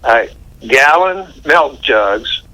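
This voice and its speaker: An older American man telling stories in a relaxed, folksy way during a casual interview, with plenty of fillers. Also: mid-range voice, extremely slow, rough recording. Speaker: interview guest.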